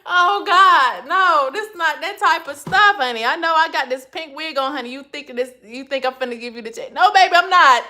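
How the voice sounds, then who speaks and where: A woman runs a casual livestream from her phone, answering the comments she reads with plenty of sass and calling everyone honey. Her high, expressive voice is pushed and bright, and she talks fairly quickly with hardly any pauses.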